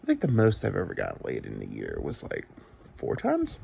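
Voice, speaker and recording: A man's voice: very deep voice, wildly swooping pitch, brisk, gravelly, darkish tone, a little hiss or hum. A man in his thirties rambling through a crude, self-deprecating solo comedy monologue. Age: 30s.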